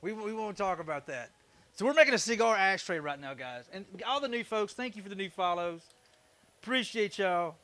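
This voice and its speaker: A middle-aged man with a bright, fairly high voice talks loosely with viewers on a woodworking stream, cracking jokes and thanking new followers. He rambles as he works at the bench. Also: sing-song, a little fast, no room sound. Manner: chatty, joking, thanks viewers often. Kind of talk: casual live-stream chat while working.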